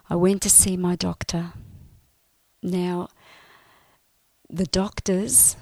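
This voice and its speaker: A woman telling her personal faith testimony in an earnest, emotional way, often dropping to a soft, breathy voice. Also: fairly low pitch, dry recording.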